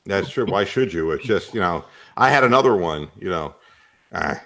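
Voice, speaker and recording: A man's voice: low-pitched, normal speed, vocal fry. A male radio host in comic chat, telling stories and laughing often. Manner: animated storyteller, laughs often.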